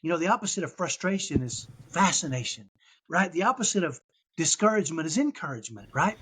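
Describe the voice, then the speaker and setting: A man's voice: on the high side, big pitch swings, fast, fairly bright tone, husky. A man in his fifties, a podcast guest, telling his story in an earnest, conversational way and checking in with "right?". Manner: earnest, tags points with "right?".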